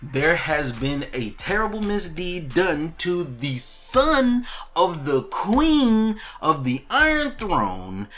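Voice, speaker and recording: A man voicing an indignant queen mother who demands revenge, raising his pitch and pressing his words insistently. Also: very animated, slow pace, fairly bright tone, faint music behind.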